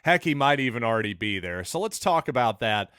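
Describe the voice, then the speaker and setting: A man's voice: medium pitch, very animated, a little fast, a bit bright, clean tone, no room sound, studio quality. Opinionated male sports podcast host. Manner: opinionated, conversational, wry. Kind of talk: solo sports podcast commentary.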